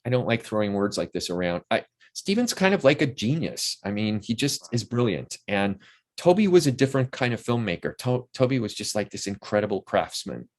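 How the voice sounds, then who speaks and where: A man in his sixties, an interview guest who tells lively stories about a film shoot and acts out what people said on set. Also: fairly low pitch, brisk. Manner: animated storyteller who acts out quotes from the set. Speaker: interview guest, actor and playwright. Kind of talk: casual interview chat.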